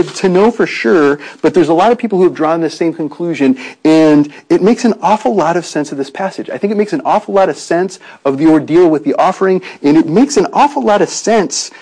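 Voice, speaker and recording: Man, sermon, husky voice, higher pitch, earnest, conversational, rhetorical questions. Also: a little mellow, rough recording. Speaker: preacher.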